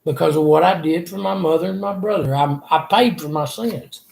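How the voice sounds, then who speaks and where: A man's voice: fairly high pitch, fairly quick, vocal fry, a little mellow. An older man, earnestly telling a rambling personal story in an interview. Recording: echoey room.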